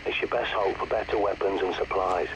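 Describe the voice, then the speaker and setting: An actor playing a gruff male radio handler giving urgent orders over in-game radio. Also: deep voice, fairly even intonation, brisk, lightly acted. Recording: dull lo-fi game radio audio with noise.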